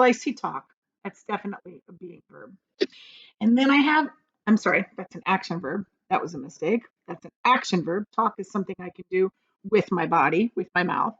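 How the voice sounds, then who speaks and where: On a slightly dull, lo-fi video, a female teacher with a medium-pitched voice takes young learners through grammar. She is patient and encouraging, her voice rising and falling a great deal as she leads them along.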